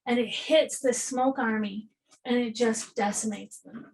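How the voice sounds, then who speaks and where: A woman tells a long, vivid story in a relaxed podcast chat, slipping into the voices of the people she quotes. Her voice sits a little above the usual, and she swears freely as she goes. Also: fairly high pitch, unhurried, rough recording. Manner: animated, acts out dialogue, casual swearing. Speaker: podcast guest, spiritual healer. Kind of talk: casual spoken storytelling in a podcast conversation.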